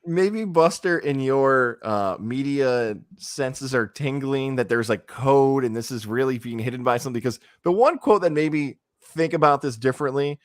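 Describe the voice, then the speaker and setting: A man co-hosting a sports talk show, wry and quick with a quip as he lays out the story. His voice is mid-pitched. It is recorded dry and close, with no room sound. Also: dry recording. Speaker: sports radio co-host.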